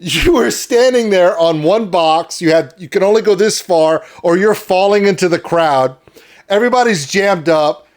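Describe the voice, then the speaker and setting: A man's voice: high-pitched, moderate pace. A man hosting a casual interview, telling a long, enthusiastic, rambling story to his guest. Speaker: interview host.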